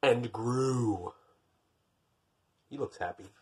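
A man's voice: mid-range voice, extremely slow, darkish tone, slight background noise. A man reading a picture book aloud, breaking off for dry, wry, self-deprecating jokes between the pages. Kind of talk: storybook reading with joking asides.

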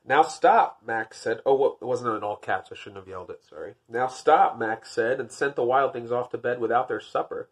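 A man's voice: medium pitch, fairly even intonation, brisk, few pauses, fairly bright tone, husky. A man reading a picture book aloud, breaking off for dry, wry, self-deprecating jokes between the pages. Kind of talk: storybook reading with joking asides.

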